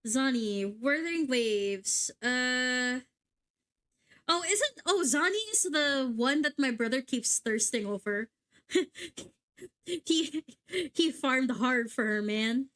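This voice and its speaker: A young woman livestreaming a game, chatting excitedly and swearing casually at her gear. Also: high-pitched, slow. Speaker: VTuber streamer.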